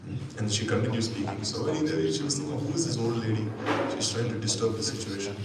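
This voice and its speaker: A man's voice: medium pitch, fast talker, heavy background noise. A man retelling a scripture story to an audience at a morning class, voicing the characters' words with rising emphasis. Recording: echoey hall, mic far off, audience.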